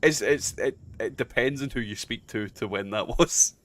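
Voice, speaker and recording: A man's voice: mid-range voice, moderate pace, fairly bright tone. A man with a Scottish accent, chatting and bantering casually while playing a game, swearing freely and laughing often. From Scotland. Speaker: streamer.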